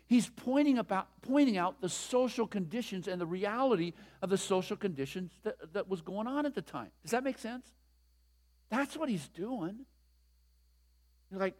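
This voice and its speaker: A pastor in his sixties preaches a conversational sermon in a very high-pitched, expressive, slightly mellow voice at a moderate pace. He emphasizes his points and asks the congregation questions.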